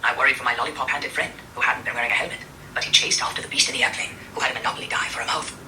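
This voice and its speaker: A woman's voice: extremely low pitch, steady tone, racing, pushed and bright, reverberant, a little hiss or hum, exaggerated voice, low-quality recording. A woman narrating an audiobook, voicing a Swedish father reading to his daughter in a put-on accent that sounds like an old woman. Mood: storytelling.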